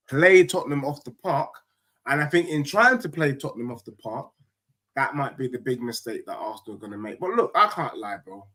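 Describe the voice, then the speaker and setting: A man's voice: a little high, a bit bright. A man, ranting sarcastically about football with slang and jokes. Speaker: guest. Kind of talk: heated fan debate.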